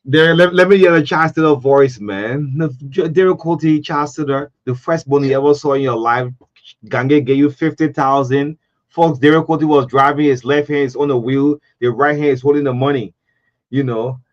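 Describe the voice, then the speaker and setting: A man's voice: fairly high pitch, moderate pace, dull audio. A man hosting a radio show, asking questions in a playful, teasing way. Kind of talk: casual chat.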